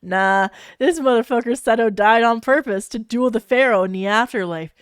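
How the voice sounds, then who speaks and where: A woman's voice: fairly high pitch, normal speed, smooth, dry recording, studio quality. A woman streamer reading fanfiction aloud and breaking off to react with giggles and exclamations.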